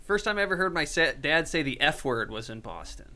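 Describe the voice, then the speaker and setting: A man from a Cleveland suburb hosting a podcast, telling stories in a rambling, animated way. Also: on the high side, fairly quick, crowd noise. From Cleveland suburb, Ohio. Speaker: podcast host. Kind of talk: casual chat.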